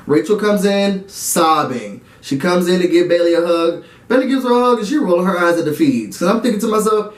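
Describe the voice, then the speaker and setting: Male reality-show reviewer with a high, lively voice, dramatic and chatty, recorded with a roomy echo. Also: a little fast, few pauses. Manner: animated, dramatic and slangy, talks to viewers directly. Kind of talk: casual episode recap and review.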